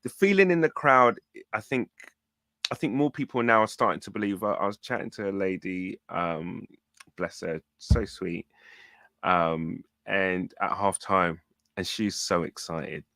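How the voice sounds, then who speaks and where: Animated man, low voice, dry sound. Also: unhurried, no room sound. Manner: animated, repeats words, "listen, man". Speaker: football fan show co-host. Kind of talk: casual match reaction chat.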